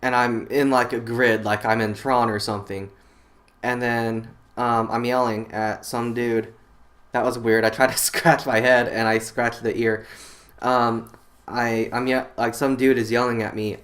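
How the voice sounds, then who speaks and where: A man's voice: medium pitch, flat delivery, unhurried, a bit bright. Rambling man telling a dream. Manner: rambling, lots of fillers and restarts. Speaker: channel host. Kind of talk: casual storytelling about a dream.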